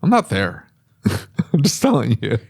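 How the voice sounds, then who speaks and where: Animated, lively-voiced man telling shop stories. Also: measured pace, creaky. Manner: animated storytelling with laughs, sudden high pitch for quoted voices. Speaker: podcast host and shop owner. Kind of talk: casual podcast chat.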